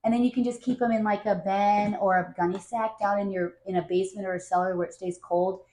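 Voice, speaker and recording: A woman's voice: mid-range voice, a little fast. Middle-aged woman rambling happily about her grocery haul, home video, roomy echo. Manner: chatty and excited, lots of fillers. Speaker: vlogger. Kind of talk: casual grocery haul chat.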